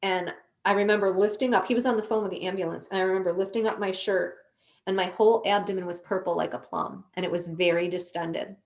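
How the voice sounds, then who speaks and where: Earnest woman telling a slow personal story. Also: medium pitch, fairly even intonation. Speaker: podcast guest.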